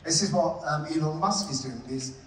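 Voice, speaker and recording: A man's voice: on the high side, brisk, a bit bright, slight background noise. A man giving a live conference talk, chatty and often checking in with the audience with "yeah?" and "right?". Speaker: conference presenter. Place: conference hall. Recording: echoey hall from far off.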